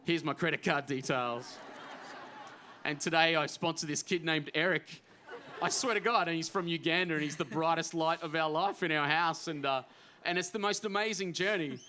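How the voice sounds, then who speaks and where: A middle-aged man, an author telling a story on a festival stage, animated and emphatic, full of fillers and restarts. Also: on the high side, brisk, slight background noise. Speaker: author guest at a writers festival.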